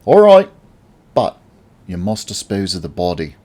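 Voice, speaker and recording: A man's voice: deep voice, huge pitch swings, a little slow, mellow, heavily acted. A man voicing a tough, brawling butler with a roguish Australian gangster accent in an audiobook, snapping and menacing. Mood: urgent. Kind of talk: audiobook character voice.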